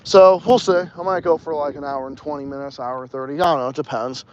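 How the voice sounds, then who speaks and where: A man's voice: mid-range voice, steady tone, quick pace, lo-fi sound, a little hiss or hum. A man with a New England accent hosting a casual podcast outdoors, rambling and swearing as he laughs through his chat. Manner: profane, rambling, laughs often. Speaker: podcast host. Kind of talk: casual ranting livestream chat.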